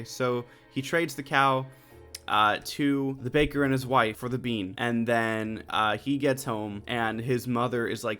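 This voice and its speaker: A man's voice: mid-range voice, steady tone, a bit bright, faint music behind. Casual joking man recapping a musical. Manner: jokey, offhand, retells scenes in quick paraphrased voices. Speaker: movie recap host.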